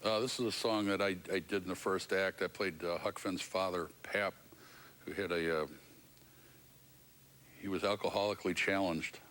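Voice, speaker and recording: A man with a very deep voice speaks as a stage actor looking back in an interview. He talks hesitantly and fills his pauses. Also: fairly even intonation, a bit bright, slight background noise. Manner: hesitant, many filler pauses. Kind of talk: interview reminiscence.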